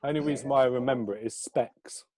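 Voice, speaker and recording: A man's voice: mid-range voice, quick pace, a crowd in the background. A man hosting a casual chat, talking about his fears in a chatty, self-mocking way. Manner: chatty, keeps asking "right?". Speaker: host. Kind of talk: casual pub-style chat.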